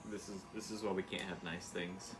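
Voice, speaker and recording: A man's voice: low voice, little pitch movement, a little fast, music in the background. A man co-hosting a crafting video, chatting casually in a laid-back, teasing way. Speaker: co-host of a crafting channel. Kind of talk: casual chat while crafting.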